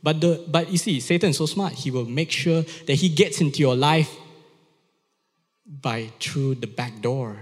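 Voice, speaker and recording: A man's voice: fairly high pitch, measured pace. A male pastor preaching a sermon, emphatic, repeating key phrases and asking his listeners questions. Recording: long reverb of a large hall.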